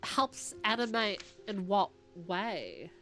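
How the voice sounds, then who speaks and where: A young woman chatting through a game stream in a mid-pitched voice, excitable and thinking out loud as she reads text off the screen. Faint music plays behind her. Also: slow. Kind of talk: casual live-stream chat while playing a puzzle game.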